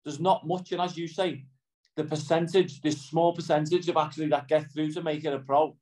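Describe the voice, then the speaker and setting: A middle-aged Liverpudlian footballer talks casually in an interview, rambling and repeatedly asking "do you know what I mean". His voice is on the high side and a little mellow, brisk with little pitch movement, and the audio quality is poor.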